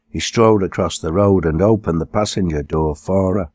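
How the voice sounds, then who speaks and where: A man, the author, reading his own novel aloud as expressive audiobook narration. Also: low-pitched, moderate pace, no room sound, studio quality. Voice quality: expressive storytelling.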